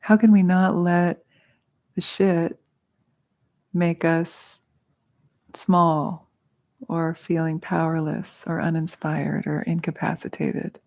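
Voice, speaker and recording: Middle-aged female meditation teacher, slow, low-pitched, casual and humorous, laughs often. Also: flat delivery, gravelly, darkish tone. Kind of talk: guided mantra teaching. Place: studio.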